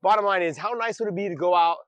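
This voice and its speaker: A man's voice: high voice, quick pace, no room sound, dull audio. A man co-hosting a podcast, rambling in casual chat with frequent restarts and easy laughs. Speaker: podcast co-host.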